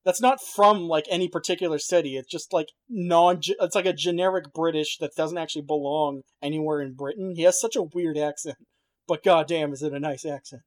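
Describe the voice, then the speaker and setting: In a dry recording, a man with a fairly high voice talks briskly as a podcast co-host. The casual chat rambles, with cursing, plenty of fillers, and frequent restarts.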